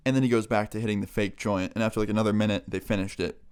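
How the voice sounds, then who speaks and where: A man's voice: fairly low pitch, steady tone, very fast, darkish tone, smooth. A young man vlogger telling a funny story in a casual, laughing, swear-filled way.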